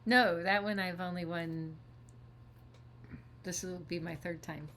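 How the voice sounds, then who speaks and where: A woman's voice: on the low side, fairly even intonation, a little slow, a bit bright, slight background noise. Chatty woman co-hosting a stitching chat. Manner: chatty, laughs often. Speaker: co-host. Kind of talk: casual chat about cross-stitch projects.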